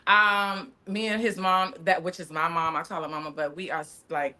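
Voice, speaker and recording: A woman's voice: fairly low pitch, little pitch movement, normal speed, a loud crowd. A woman talking candidly as a podcast guest, chatty and open, often calling people "honey". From Miami area. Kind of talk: casual chat.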